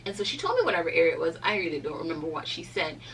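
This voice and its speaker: A young woman telling a storytime in a chatty, animated way, full of "like" fillers. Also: deep voice, rapid-fire, recorded from a distance, a little hiss or hum, low-quality recording. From Cayman Islands. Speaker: vlogger. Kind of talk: casual storytime.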